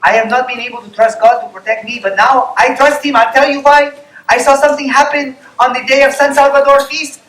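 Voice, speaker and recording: An apologetic, earnest village man tells what he saw, voiced by a male storyteller. The voice rides high and breathless with worry. It sounds far off in an echoey tent. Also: steady tone, brisk, fairly bright tone, slight background noise.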